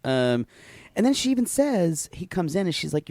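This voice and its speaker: Sassy podcast host, lively. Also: male voice, sits high, normal speed, no room sound, studio quality. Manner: sassy, keeps addressing listeners as y'all, laughs a lot. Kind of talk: casual chat recapping a reality show.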